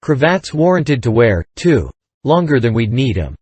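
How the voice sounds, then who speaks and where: A man's voice: medium pitch, very animated, normal speed, darkish tone, slightly rough, no room sound. A man reading aloud, voicing an angry, bossy male con-man duke who scolds sharply. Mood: scolding.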